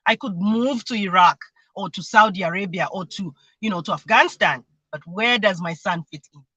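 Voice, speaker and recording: Woman, mentee on a video call, bright forceful voice, dry close sound, earnest. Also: mid-range voice, moderate pace, slightly rough, no room sound, poor audio. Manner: earnest, explanatory, imitates voices when quoting. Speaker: mentee sharing her experience. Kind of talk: livestream conversation.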